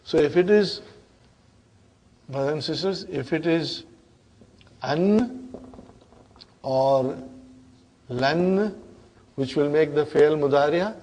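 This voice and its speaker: A man's voice: on the high side, takes it slowly, pauses often, a little mellow. A middle-aged man teaching an Arabic grammar class, drilling forms and often checking whether the students follow. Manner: prompting students with "huh?".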